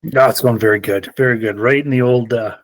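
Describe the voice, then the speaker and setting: A man's voice: medium pitch, a little fast, dry recording. A man co-hosting a sports podcast, easygoing and chatty in casual talk. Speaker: podcast co-host.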